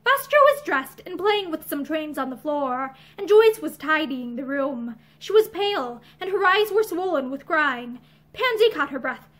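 A woman narrating a novel aloud, expressive, lifting her voice for the dialogue. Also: normal speed. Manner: expressive, heightened pitch for dialogue. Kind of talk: audiobook-style reading with character voices. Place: indoor room with bookshelves. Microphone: seated facing camera.

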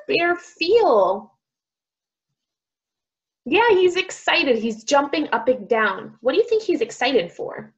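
A young woman, a speech therapist, reading a picture book to children, slowly modeling sounds and praising each try. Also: sits high, sing-song. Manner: slow, drawn-out modeling of sounds, encouraging praise.

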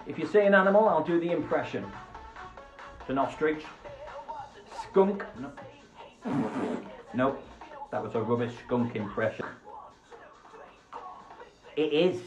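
A man's voice: medium pitch, normal speed, pauses often, reverberant, dull audio, soft background music. A man hosting a live-streamed children's show from home, playful and silly, recorded on a phone. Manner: animated, jumps between voices and asides. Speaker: children's radio host. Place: at home beside a window. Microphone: phone camera.

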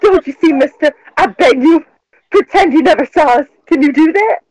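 A woman's voice: high voice, lively intonation, moderate pace, darkish tone, no room sound, rough recording. A woman voicing a melodramatic, lovesick young runaway in a put-on Brooklyn accent that drifts Southern. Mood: defiant. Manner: melodramatic, pleading. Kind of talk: let's play voice acting.

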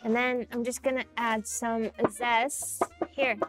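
A woman guest in a home kitchen, chatting while cooking, animated and quick to laugh. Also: a little high, faint music behind. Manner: animated, laughing, bossy about pours. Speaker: guest food creator. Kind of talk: casual chat while cooking and drinking.

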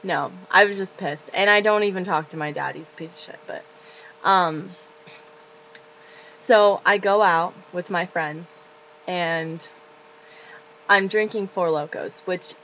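A woman's voice: fairly low pitch, unhurried, long pauses, fairly bright tone, a little hiss or hum, rough recording. A young woman in her late teens from Florida, ranting bluntly and profanely in a casual confessional vlog from her bedroom. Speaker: vlogger.

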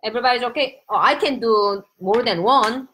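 A middle-aged woman from Korea with a Korean accent, hosting a casual live stream from home, chatty and excitable and greeting viewers by name. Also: fairly high pitch, brisk, slight background noise, rough recording.

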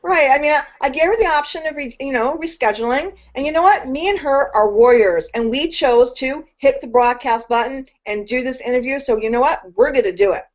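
A woman's voice: high-pitched, a little fast, hardly any pauses. A woman hosting an interview show, bubbly and enthusiastic, gushing over her guest. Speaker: show host. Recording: dull lo-fi web broadcast.

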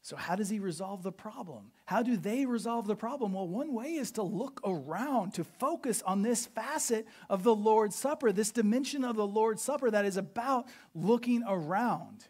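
A pastor preaching a sermon, explaining history with an animated, questioning teaching manner. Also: medium pitch, normal speed, few pauses, slightly rough. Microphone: podcast recording of a live sermon.

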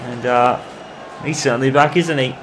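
A man commentating on his own football video game in the manner of a match broadcaster, calling the play and getting loud at goals. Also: mid-range voice, steady tone, moderate pace, a crowd in the background, noisy background. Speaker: gaming commentator. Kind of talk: mock football match commentary over gameplay.

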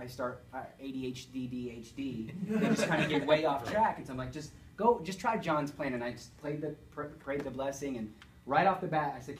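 Enthusiastic pastor, off-mic. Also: male voice, medium pitch. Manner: rambling, self-correcting, enthusiastic. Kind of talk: casual storytelling to a group. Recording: distant mic, faint background noise.

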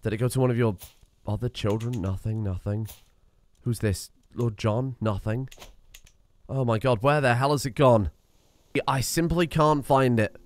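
A young man narrating his own strategy gameplay out loud, talking to himself and cursing as he plays. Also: mid-range voice, normal speed, long pauses. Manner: talks to himself while playing, swearing and exasperated. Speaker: let's play streamer. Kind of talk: live gameplay commentary.

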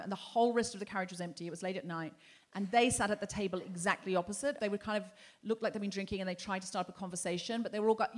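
A woman's voice: medium pitch, a bit bright. A woman hosting a live comedy podcast on stage, telling a story and acting out other people's lines. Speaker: podcast host. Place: theatre stage before a live audience.

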